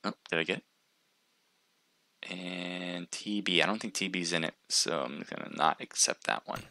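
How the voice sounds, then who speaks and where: Deep gravelly-voiced male streamer. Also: moderate pace, sharp tone, no echo. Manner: rambling, thinks aloud with frequent restarts. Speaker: livestream caster. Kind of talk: casual live-stream chat with viewers.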